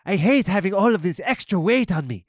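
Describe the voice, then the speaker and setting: A man putting on a whiny cartoon chihuahua, raised high and loud, shrill griping, irritable male dog, dry close sound. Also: animated, brisk, no room sound. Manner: shrill complaining.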